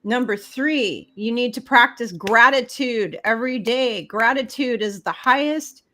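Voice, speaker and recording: A woman's voice: on the high side, a little slow, bright, forceful tone. A middle-aged woman giving spiritual advice in an emphatic, preachy way, speaking straight to the listener. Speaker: spiritual guest. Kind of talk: casual spiritual advice talk.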